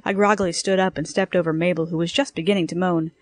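A woman's voice: on the low side, steady tone, quick pace, dry recording. Woman narrating a story, dry sound. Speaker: audiobook narrator. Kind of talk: first-person story narration.

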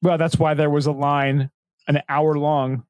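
Podcast guy riffing and joking around, voice on the higher side, super dry sound. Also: little pitch movement, a little slow, a little mellow, no room sound. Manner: joking, riffs on bits. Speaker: podcast co-host. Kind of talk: casual chat.

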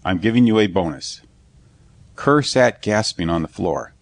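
A man's voice: low-pitched, lively intonation, unhurried, vocal fry. A man reading a science fiction audiobook aloud as narrator, giving the dialogue light voices. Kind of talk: scripted narration.

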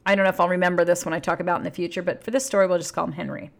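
Woman relationship coach, candid and blunt, swearing freely, lively emphatic delivery. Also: lowish voice, rapid-fire, vocal fry. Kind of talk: casual advice monologue.

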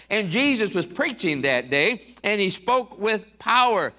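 A man's voice: high voice, sing-song, unhurried, hardly any pauses, sharp tone. A man preaching an emphatic sermon in church, repeating his points and acting out Bible figures. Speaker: pastor.

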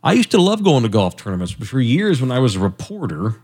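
A man hosting a sports radio show, bantering casually in a lively, joking, self-deprecating way. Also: medium pitch, fast, breathy edge.

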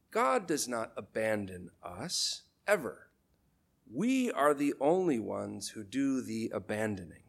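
A man, a priest, preaching a sermon in a measured, deliberate way, letting key phrases fall low for emphasis. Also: gravelly.

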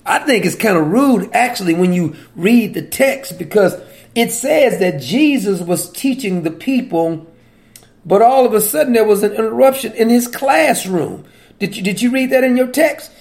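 A man preaching with a high voice. His talk is conversational and teasing. He keeps asking his listeners questions and chuckles at his own points. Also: animated, normal speed, darkish tone. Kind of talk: sermon.

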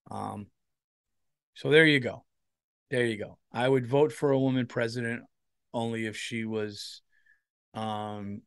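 Man, comedian host, tired, rambling, profane, animated, mid-range voice. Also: medium pitch, dry recording, studio quality. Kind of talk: rambling solo comedy podcast.

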